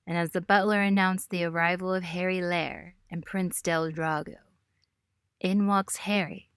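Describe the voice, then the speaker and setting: A woman's voice: on the low side, fairly even intonation, unhurried, smooth, dry recording. Female co-host, playful and laughing storyteller, dry studio sound. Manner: giggly storyteller, playful asides. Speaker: podcast co-host. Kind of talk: casual history chat.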